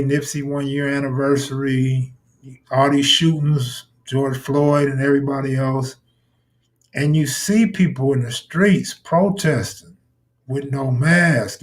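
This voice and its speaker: Blunt, profane man riffing on a live stream. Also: mid-range voice. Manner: blunt, profane, talks back to chat viewers. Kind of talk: casual live stream commentary.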